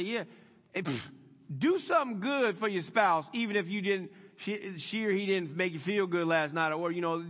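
High-voiced man preaching in a hall. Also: a bit bright. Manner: folksy, conversational preaching with emphatic swells. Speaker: pastor. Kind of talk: sermon.

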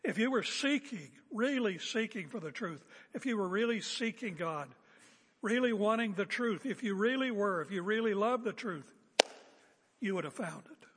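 A man's voice: high voice, animated, moderate pace, fairly bright tone, slightly rough. A man preaching a sermon as a pastor, emphatic and confrontational, hammering home repeated phrases. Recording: echoey hall with long reverb.

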